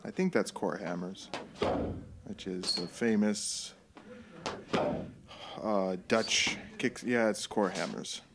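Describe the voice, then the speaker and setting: A man's voice: lowish voice, slow pace, gravelly, pauses often, very noisy. A man from California giving casual, rambling commentary while watching fight footage, often laughing at his own jokes.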